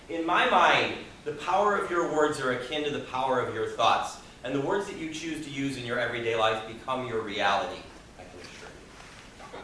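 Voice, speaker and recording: A male Toastmasters speaker gives a motivational speech to a live audience in a meeting room, expressive, acting out the people he quotes and posing questions to the audience. His voice is high-ish and bright. He's picked up from a distance in an echoey, hall-like room with slight background noise.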